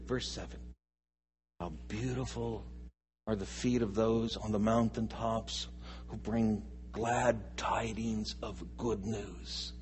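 A man preaching a sermon as pastor, repeating key phrases slowly and dropping from loud emphatic lines to hushed, near-whispered ones. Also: mid-range voice, a little hiss or hum.

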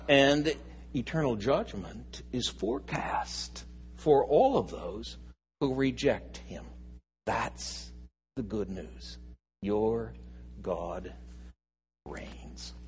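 A man preaching a sermon as pastor, repeating key phrases slowly and dropping from loud emphatic lines to hushed, near-whispered ones. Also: mid-range voice, slight background noise.

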